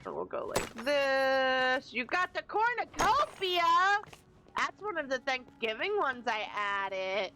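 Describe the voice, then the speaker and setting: A woman's voice: high-pitched, big pitch swings, takes it slowly, pushed and bright, slight background noise, rough recording. A woman streaming a game, chatting casually and reading the dialogue aloud with amusement. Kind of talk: casual gameplay commentary.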